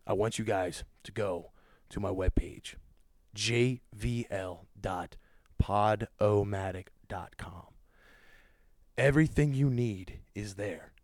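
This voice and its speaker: Podcast host, man, low-voiced and furious, swears through a dry-sounding rant. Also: no echo. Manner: loud, cursing, ranting, angry.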